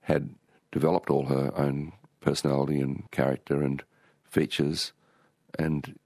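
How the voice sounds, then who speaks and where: A man's voice: extremely low pitch, flat delivery, measured pace, a little mellow, no room sound, studio quality. An older Australian man, an author being interviewed, telling stories in a rambling way with many restarts. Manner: rambling, with frequent restarts and storytelling. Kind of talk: relaxed conversational interview.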